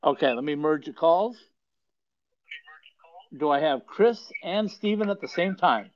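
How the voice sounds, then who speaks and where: A man's voice: fairly high pitch, animated, measured pace, no echo. A man hosting a podcast who chats and tells stories casually, rambling and often chuckling mid-sentence. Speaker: podcast host. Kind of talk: casual storytelling chat. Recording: dull lo-fi dry sound.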